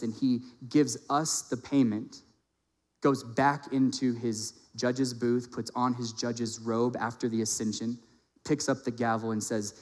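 A man's voice: medium pitch, fairly even intonation, normal speed. Preaching man in a reverberant hall. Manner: impassioned, rising loud on emphasis and dropping soft for the story. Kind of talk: sermon storytelling.

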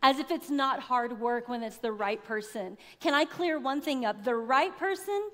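A woman's voice: high voice, expressive, moderate pace. A woman co-hosting a talk on marriage, speaking in an affirming, encouraging way in a casual sermon style. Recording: hall reverb.

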